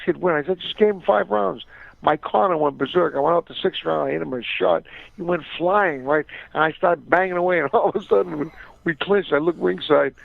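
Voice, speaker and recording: A man's voice: on the high side, gravelly, no room sound. An older man, a former boxer calling in as a guest, telling a long story in a rambling way, repeating words and acting out the voices of people he quotes. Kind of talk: phone-in storytelling. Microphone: phone call. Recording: dry tinny phone line.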